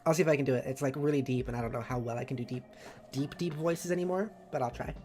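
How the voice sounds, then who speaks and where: Low-voiced woman streamer, rambling. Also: quick pace, a little mellow, faint music behind. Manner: rambling, jumps between thoughts. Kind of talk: casual live-stream chat.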